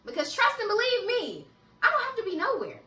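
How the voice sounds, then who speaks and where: A young woman telling a casual story-time vlog, animated and laughing often, with frequent swearing, recorded in an echoey room a little away from the mic. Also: extremely high pitch, fairly quick, distant mic. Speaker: vlogger.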